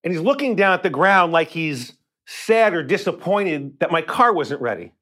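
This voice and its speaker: A man preaching a sermon as a story, his voice sitting a little high for a man. He talks to the congregation in a plain, conversational way and often repeats his words as he goes. For the tender parts he drops his voice to something hushed. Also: sing-song, normal speed. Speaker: pastor. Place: church sanctuary.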